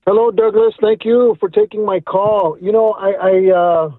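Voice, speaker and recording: A man's voice: sits high, fairly even intonation, moderate pace, no echo. A middle-aged man calling in to a radio show, speaking earnestly and reflectively and repeating words as he thinks. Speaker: caller. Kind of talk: phone call to a radio show. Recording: tinny phone line.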